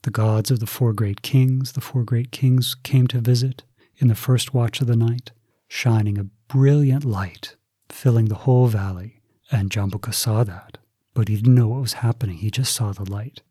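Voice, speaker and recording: Male Buddhist preacher, slow, deliberate storyteller, husky, dry close sound. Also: medium pitch, fairly even intonation, warm tone, no echo. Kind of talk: sermon storytelling.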